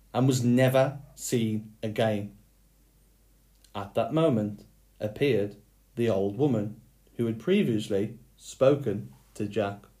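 A man reading a fairy tale aloud in a slow, measured storytelling manner. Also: mid-range voice, warm tone. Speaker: storybook reader. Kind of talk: scripted fairy tale narration.

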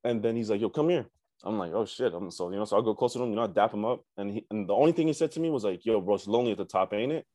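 Young male guest, low-pitched, casual slangy storyteller, dry close sound. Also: racing, dark tone, no echo. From Canada. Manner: laid-back slangy talk with many fillers and profanity. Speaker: musician guest.

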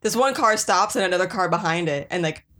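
A woman's voice: on the low side, lively intonation, fast talker, a bit bright. A woman in casual chat, telling a profane story with a lot of laughter.

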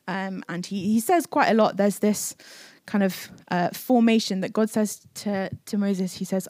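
A woman's voice: mid-range voice, normal speed, few pauses, a little mellow, no echo. A woman giving a casual, conversational sermon in a church, chatty with many fillers. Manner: chatty, many fillers, acts out quoted speech. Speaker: preacher. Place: church service.

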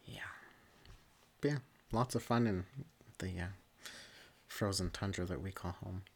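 A young woman in relaxed casual chat, laughing a lot. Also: rumbling low, measured pace, gravelly. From Saskatchewan, Canada.

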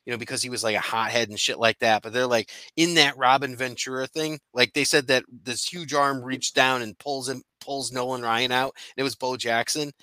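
A man in casual podcast chat, his voice bright and forceful. The sound is dry and close, with no room around it. He rambles, restarts and laughs between profane asides. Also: mid-range voice, steady tone, brisk, few pauses, no echo. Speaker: podcast co-host.

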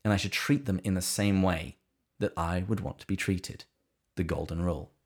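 Deep-voiced earnest male podcast co-host. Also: moderate pace. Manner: earnest and reflective, with dry humor. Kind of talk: conversational discussion of faith.

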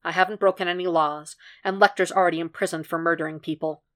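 A woman voicing a weary, calm and stubborn male profiler who speaks in a low, dry, level way. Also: fast, natural voice.

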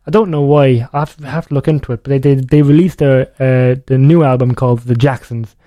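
A man's voice: mid-range voice, steady tone, a little fast, mellow, no echo. A young man hosting a music radio show, chatting casually in a rambling way and often correcting himself. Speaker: radio DJ host.

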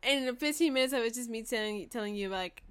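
Young woman, casual vlog, quick profane storytelling, slightly high voice, smooth and clear. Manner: fast, profane, animated retelling with quoted dialogue. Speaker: vlogger. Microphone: desk microphone.

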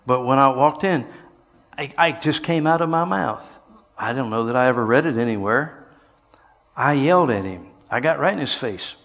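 An older man preaching a sermon, telling stories and swinging between quiet passages and loud, shouted lines. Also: medium pitch, animated, moderate pace. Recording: long hall reverb.

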